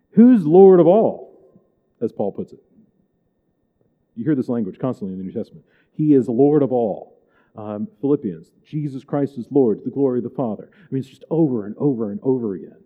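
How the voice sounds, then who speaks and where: Emphatic man teaching catechism. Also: medium pitch. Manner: conversational and digressive, checks in with "right?" and "okay?"; animated and emphatic, with chuckles. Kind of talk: church catechism class lecture. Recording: tinny, phone-like recording.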